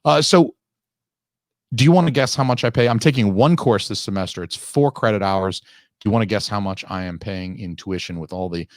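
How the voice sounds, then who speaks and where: A man's voice: lowish voice, a little fast, dry recording, clean studio sound. A man hosting a podcast, telling a long, profane, ranting story in casual chat. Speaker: podcast host.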